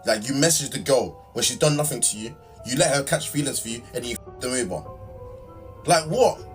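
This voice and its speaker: A man's voice: mid-range voice, fairly quick, far from the mic. A man with a mid-range voice rants to camera, heated and exasperated, packing his talk with casual slang. Faint music plays underneath. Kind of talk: ranting vlog.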